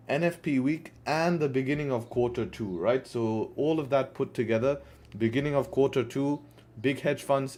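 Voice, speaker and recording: A man's voice: medium pitch, a little mellow. A man livestreaming his forex trading, talking casually to viewers, often asking "right?" and bantering with the chat. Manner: chatty, repeats "right?" and "guess what", banters with chat. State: tired, yawning. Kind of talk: casual live trading commentary.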